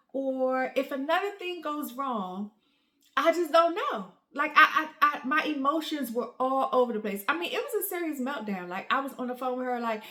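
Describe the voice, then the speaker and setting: Bright-voiced mom telling a story. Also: female voice, sits high. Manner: emotional, animated retelling with many "like" fillers. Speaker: mother and family vlogger. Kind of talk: casual storytelling to camera. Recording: roomy echo.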